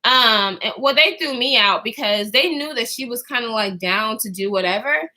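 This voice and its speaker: A young woman's high, bright voice carries a long storytime vlog told straight to her camera. She talks casually and swoops all over her range. She curses freely and throws herself into playing the other people in the story. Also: normal speed. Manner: animated, profane, acts out quotes in others' voices. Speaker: vlogger.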